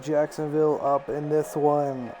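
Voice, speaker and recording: A young man giving live play-by-play of a video game hockey match, fast-paced and steady as he tracks each pass and save. His voice sits a touch high but sounds mellow and soft rather than bright, and faint music plays behind him. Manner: rapid play-by-play, rising excitedly on shots and goals. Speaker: play-by-play commentator.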